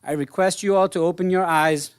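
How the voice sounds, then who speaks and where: Man, public comment, grave, impassioned, formal, somewhat high voice, dry recording. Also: fairly even intonation, brisk, clear, resonant tone, no echo. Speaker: resident speaking at public comment. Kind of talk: prepared public comment read aloud. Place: village board meeting room.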